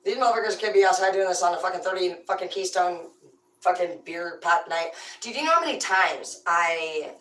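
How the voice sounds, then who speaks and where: A woman with a slightly low voice spins foul-mouthed, rambling tales in a casual, animated way. She talks in a loose, chatty storytelling style. The sound is roomy and distant from the microphone. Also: a little fast. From rural farm upbringing. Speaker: streamer telling stories. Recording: roomy, away from the mic.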